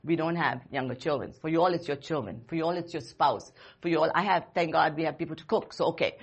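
Husky low-voiced woman preaching earnestly. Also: quick pace, muffled recording. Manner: earnest, repetitive, emphatic, conversational preaching. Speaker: church speaker. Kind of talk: sermon to a young congregation. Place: church.

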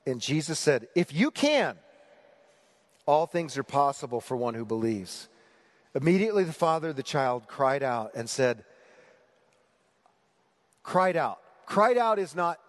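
A man preaching a sermon, asking the congregation rhetorical questions in an animated way. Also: medium pitch, unhurried, pauses often, long reverb tail. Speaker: pastor.

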